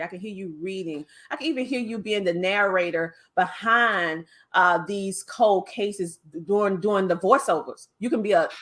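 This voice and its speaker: A woman podcast host with a Southern US accent, chatting in an excited, effusive way in an interview. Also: medium pitch. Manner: excited, effusive, laughs often. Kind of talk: casual interview chat.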